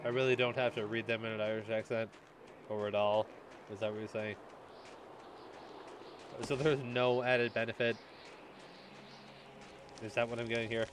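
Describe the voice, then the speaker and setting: A man's voice: medium pitch, flat delivery, normal speed, long pauses. A man streaming a game who chats casually, swears and keeps asking his chat for honest feedback, with noise behind him. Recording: background noise.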